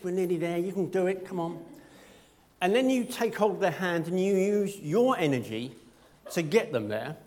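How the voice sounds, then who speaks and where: Animated, high-voiced male preacher. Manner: conversational, self-deprecating humor. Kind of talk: sermon.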